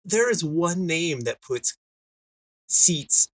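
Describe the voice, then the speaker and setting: A man's voice: a little high, expressive, drawn-out words, no room sound, pitched above the performer's own voice, exaggerated voice. A man voicing a surly veteran male pro wrestler who talks bluntly and confrontationally, in a tabletop game. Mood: hostile.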